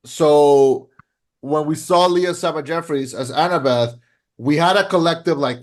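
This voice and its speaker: A man's voice: a little high, measured pace. A young man hosting a podcast in casual chat, rambling with lots of "like" and restarting his sentences. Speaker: podcast host.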